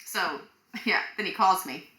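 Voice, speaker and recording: A woman co-hosting a podcast, telling a story in an animated way, acting out quotes and laughing often. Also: lowish voice, a little slow, reverberant. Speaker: podcast co-host. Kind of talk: casual chat.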